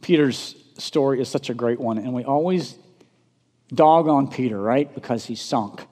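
A man preaching a sermon, swinging from loud emphatic peaks down to soft low asides and asking the congregation rhetorical questions. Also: measured pace. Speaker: pastor. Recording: long reverb of a large hall.

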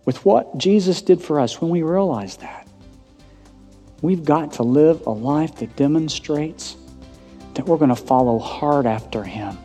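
A man preaching a sermon with passion, swinging from loud, rising declarations to hushed, intense lines. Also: mid-range voice. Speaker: pastor. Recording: long hall reverb.

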